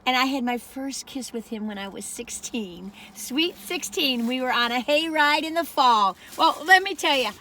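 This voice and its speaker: A woman in her sixties chats her way through a food review, wandering off on tangents and talking straight to the people watching. Her voice sits high and bright. She records on a phone camera from a parked car, with a faint hiss of noise behind her. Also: lively intonation, moderate pace, hardly any pauses. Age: 60s. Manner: rambling, digressive, talks straight to viewers. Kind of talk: casual chatty food review.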